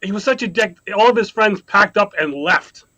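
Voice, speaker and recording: A man's voice: high-pitched, animated, moderate pace, sharp tone, lo-fi sound. A man from Ontario, Canada chatting as a guest, rambling through a story with many restarts. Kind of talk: casual chat.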